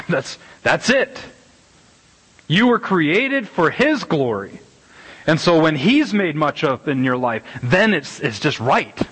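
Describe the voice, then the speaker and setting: A middle-aged man preaching a casual, conversational sermon as pastor, animated and rambling, with many restarts and repeated words. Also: a little high, takes it slowly, husky, poor audio. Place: church sanctuary.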